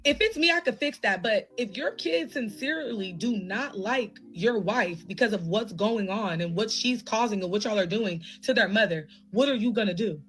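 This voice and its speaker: A woman tells a personal story, heated and animated, acting out both sides of a conversation. Faint music plays underneath. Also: medium pitch, normal speed, few pauses, low-quality recording. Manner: animated, heated retelling with quoted dialogue. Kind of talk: casual storytime.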